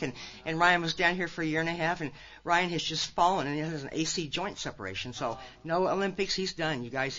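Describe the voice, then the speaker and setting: An older woman from Nebraska giving a recovery talk at a conference, folksy and animated, often turning to address the audience directly. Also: sits low, lo-fi sound. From Nebraska, USA. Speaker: conference speaker.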